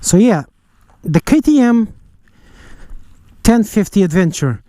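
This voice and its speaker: Man, high voice, mellow tone, dry close sound, casual bike review, rambling, restarts and sighs. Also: big pitch swings, slow pace, no echo. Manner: enthusiastic, jokey. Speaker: motorcycle vlogger.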